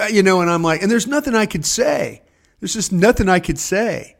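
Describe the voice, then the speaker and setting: Older male co-host, chatty storyteller, home office video call, a touch high-pitched. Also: expressive, normal speed, gravelly. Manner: rambling, acts out quotes in voices. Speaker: former scout, co-host. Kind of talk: casual storytelling chat.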